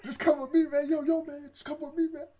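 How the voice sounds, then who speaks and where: A pushy stranger in a lab coat coaxes someone to come along, using street slang and repeating himself. A man puts him on in a voice pitched well above his own. The delivery is light and playful rather than menacing. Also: flat delivery, quick pace, crowd noise. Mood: coaxing. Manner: coaxing, slangy repetition.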